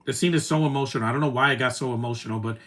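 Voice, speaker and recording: A man's voice: mid-range voice, rapid-fire, fairly bright tone. A man live streaming his reactions to a movie, gushing and teary, rambling like an emotional fan. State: teary, choked up. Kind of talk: casual reaction commentary.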